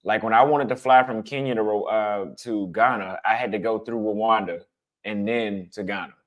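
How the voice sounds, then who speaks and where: A blunt, conversational man talking casually to his viewers. His voice sits a little low, and he leans on repetition to drive his points home. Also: fairly even intonation, normal speed. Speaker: travel vlogger answering chat. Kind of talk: casual livestream chat.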